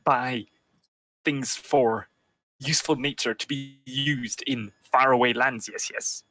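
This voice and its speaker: A man's voice: medium pitch, fairly even intonation, bright, forceful tone, no room sound, poor audio. A man voicing a broken-speech rat monster. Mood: furtive. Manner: halting broken speech, repeats "yes, yes". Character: small shifty rat monster in tattered robe.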